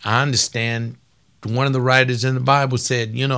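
A man's voice: mid-range voice, flat delivery, a little fast, a bit bright. An older man preaching informally on a webcast, folksy and emphatic, repeating lines for stress.

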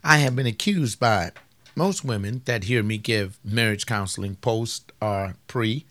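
A man's voice: lowish voice, measured pace, a bit bright. A man, a marriage counselor, lecturing on relationships and speaking emphatically straight to the men and women listening. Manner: emphatic, addresses the audience directly.

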